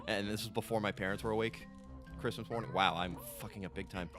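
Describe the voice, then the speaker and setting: A man in his late twenties, a gaming co-host playing a game while telling excited, rambling stories and swearing freely. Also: fairly low pitch, quick pace. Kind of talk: casual let's-play chat. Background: game music.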